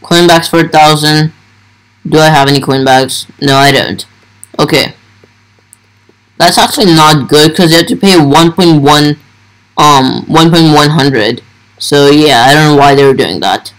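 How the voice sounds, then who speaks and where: Slow-talking young man narrating gameplay. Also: a little high, fairly bright tone, rough recording. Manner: thinks aloud while playing, talks to viewers. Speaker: gaming YouTuber. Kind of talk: casual gameplay commentary.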